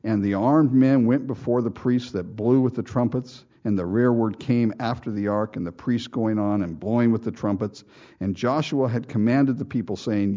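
A man's voice: mid-range voice, normal speed, mellow, highs cut off. A man preaching a sermon in a folksy way, asking rhetorical questions and acting out quotes. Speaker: pastor.

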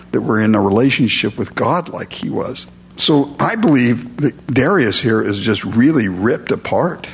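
A man preaching a sermon, reading scripture aloud and then explaining it in a relaxed, conversational way. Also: medium pitch, lo-fi sound, slight background noise. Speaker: pastor.

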